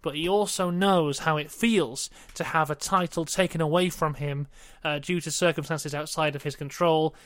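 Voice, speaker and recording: Chatty young British man, high voice. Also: fairly even intonation, normal speed, few pauses, fairly bright tone, no echo. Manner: chatty recap with playful put-on quotes. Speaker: podcast co-host. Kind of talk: casual wrestling review chat.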